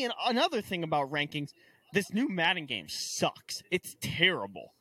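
A man's voice: a little high, wildly swooping pitch, normal speed, bright, forceful tone, slightly rough, no room sound. A young man co-hosting a casual sports podcast, ranting in exasperation with stammered restarts. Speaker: podcast co-host.

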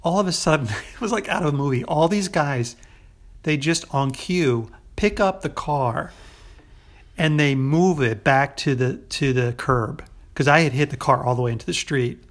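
A young adult man co-hosting a podcast tells a story in casual chat, speaking at a normal speed in a voice on the high side. He's animated and acts out the voices of the people he quotes.

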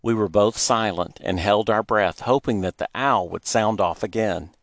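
A man's voice: fairly low pitch, no echo. Man telling a childhood story, dry sound. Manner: plain, unhurried storytelling. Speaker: narrator. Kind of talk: storytelling, memoir reading.

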